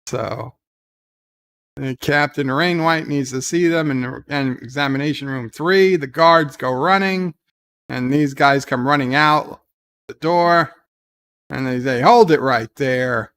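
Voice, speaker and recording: Slow and a little high, with a fairly bright, clean tone, this man hosts a laid-back live watch-along. He recounts the scenes loosely, leaning on "uh" and "like," and fields viewer chat in passing.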